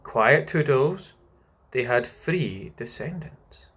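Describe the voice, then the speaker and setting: A man's voice: mid-range voice, lively intonation, slow pace, breathy edge, exaggerated voice. A man voicing a motherly young girl telling a bedtime story, coaxing and patient, sighing at interruptions. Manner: gently coaxing, sighs at interruptions.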